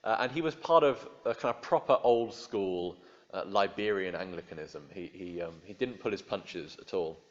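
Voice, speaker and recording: Low-voiced man preaching informally. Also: moderate pace, highs cut off. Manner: informal, wry, frequent fillers and restarts. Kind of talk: conversational sermon.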